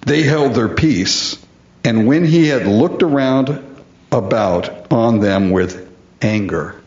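A man's voice: medium pitch, slow, darkish tone, roomy sound, lo-fi sound. A man preaching a sermon, emphatic and full of rhetorical questions, repeating words for stress.

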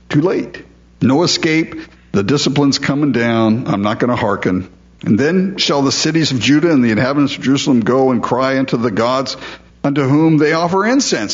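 A man's voice: mid-range voice, highs cut off. Man preaching a conversational sermon. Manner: conversational preaching with emphatic repetition. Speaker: pastor.

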